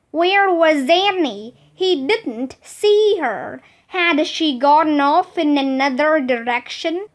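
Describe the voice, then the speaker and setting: A woman reading a children's book aloud as narrator, slow, careful and expressive. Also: sits high.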